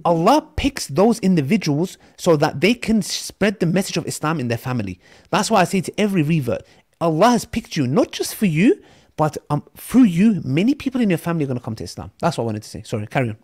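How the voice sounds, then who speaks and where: A man, a podcast guest who tells lively stories and acts out the voices in them. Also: on the high side, fast talker. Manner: animated storyteller, acts out quotes.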